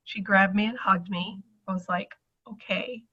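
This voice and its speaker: A woman's voice: medium pitch, steady tone, normal speed, husky, lo-fi sound. A middle-aged woman giving a chatty personal testimonial to an audience, acting out the voices she quotes.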